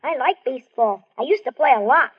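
A woman's voice: high voice, expressive, fairly quick, slightly rough. A woman playing an eager young boy in a hospital bed, in 1940s radio acting, on a dull old recording. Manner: eager, pleading.

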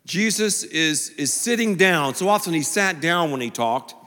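In a sermon, a male pastor with a high, bright voice and lively pitch swings preaches animatedly, cracking jokes and tossing in quick asides. A long reverb from the large auditorium trails behind him.

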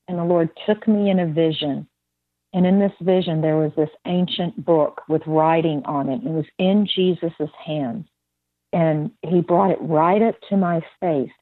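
Husky-voiced woman telling a testimony. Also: sits low, dry recording. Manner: vivid storytelling, acting out the voices of the people in her story. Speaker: guest sharing a testimony. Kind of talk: animated spoken testimony. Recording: dry tinny phone-like line.

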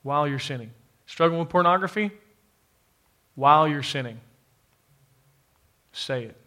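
Emphatic male preacher, somewhat high voice. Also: moderate pace, bright, forceful tone. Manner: emphatic, repetitive, addresses the congregation directly. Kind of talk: sermon. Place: church, to a live congregation with an online audience.

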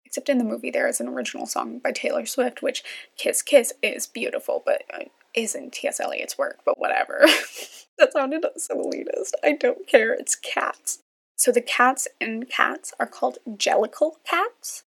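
A woman's voice: a little high, expressive, normal speed, creaky, a bit bright, slightly rough. A young woman hosting a solo podcast, rambling chattily through a rant with self-deprecating asides. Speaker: podcast host.

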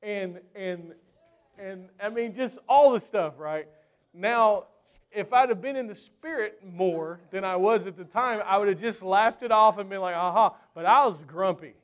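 A man preaching a sermon who tells a personal story in an animated, chatty way with lots of fillers, then closes in prayer. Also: sits high, measured pace, lo-fi sound.

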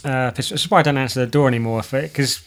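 A man's voice: mid-range voice, fast talker, crowd noise. A man hosting a podcast, telling a rambling story in a sweary, casual way and laughing easily. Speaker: podcast host and editor.

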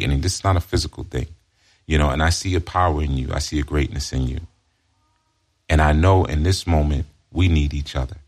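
A man with a very deep voice voicing a smooth-talking male predator who flatters and coaxes a runaway. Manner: coaxing, flattering, persuasive.

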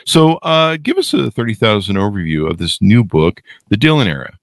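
Lively, jokey male podcast host. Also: fairly low pitch, brisk, no echo, studio quality. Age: middle-aged. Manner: jokey, rambling, self-deprecating asides. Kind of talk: casual podcast interview.

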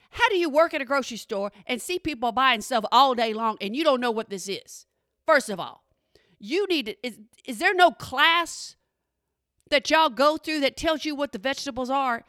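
Woman radio host, comedic storytelling, high bright voice, dry studio sound. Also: no echo. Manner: animated, talks straight to listeners. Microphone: studio microphone.

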